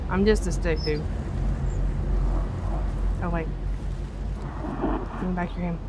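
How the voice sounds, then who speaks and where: A woman's voice: on the low side, fairly even intonation, slow pace, heavy background noise. A woman doing let's play commentary on a horror game, reacting aloud, talking to the characters and swearing when startled. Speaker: streamer playing a horror game.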